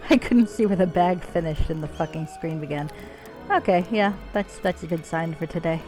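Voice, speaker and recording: A woman streamer gives loose, sweary, self-mocking commentary while she plays. Her voice sits fairly low but moves around a lot in pitch. Soft game music plays in the background. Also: lively intonation, normal speed. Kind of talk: casual gameplay commentary. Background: faint game music.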